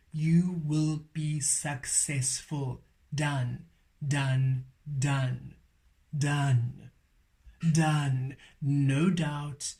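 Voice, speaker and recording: A man's voice: a little high, a little mellow. A man giving a spiritual tarot card reading, emphatic and repeating his affirmations. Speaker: tarot reader.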